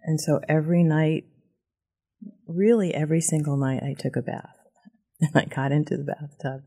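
A woman speaks in a steady, flat, creaky voice with a mellow, dark tone. She sounds earnest and reflective as a guest in a relaxed chat. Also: sits low, normal speed. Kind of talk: casual group talk.

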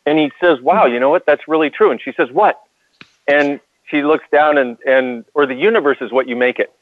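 A man's voice: on the high side, a little fast, dry recording. A man co-hosting a call-in talk show who tells a story earnestly, with many restarts. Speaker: co-host. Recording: dry phone-line sound.

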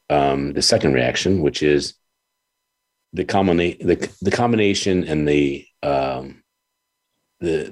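A man hosting an interview talk show, speaking earnestly with halting pauses and repeated words. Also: extremely low pitch, darkish tone. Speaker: radio show host.

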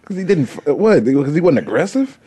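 A man's voice: fairly high pitch, very animated, dark tone, breathy edge. A man on a sports talk panel, teasing the others and reeling off stats and player names. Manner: quick, teasing, reels off stats. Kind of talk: casual sports radio banter.

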